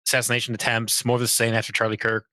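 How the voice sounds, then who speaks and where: A man's voice: mid-range voice, completely flat delivery, rapid-fire, bright, forceful tone, no echo. A man co-hosting a livestream, making loose, offhand remarks full of "you know.". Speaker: livestream co-host. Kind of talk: casual livestream chat.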